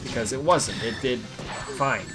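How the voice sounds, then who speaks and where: A man's voice: mid-range voice, unhurried, over loud music. A young man streaming a video game, chatting casually with lots of fillers and restarts as he plays. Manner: rambling, filler-heavy, self-correcting. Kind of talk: casual gameplay commentary.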